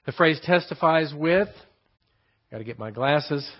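A man with a slightly high voice teaches scripture to his listeners. He leans on key phrases and says them again, slowly, to drive the point home. The recording sounds dull and lo-fi. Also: expressive. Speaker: Bible teacher. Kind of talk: verse-by-verse Bible teaching.

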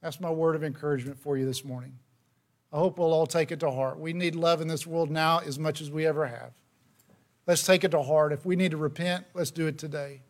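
A high-pitched man delivers a sermon in an earnest, conversational way. He reads scripture aloud between his own points. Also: fairly even intonation, brisk. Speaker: preacher.

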